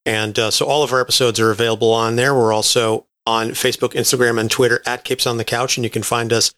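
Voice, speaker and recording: A man speaking as a guest on a casual podcast, measured and thoughtful. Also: mid-range voice, little pitch movement, a bit bright, smooth, dry recording.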